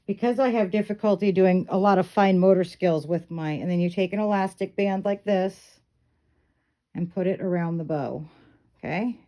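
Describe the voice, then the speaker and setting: A woman's voice: lowish voice, moderate pace, muffled recording. A middle-aged woman casually explaining step by step how to style a doll's hair, chatty and instructive, checking in often with "okay". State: hiccups. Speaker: reborn doll hair tutorial host.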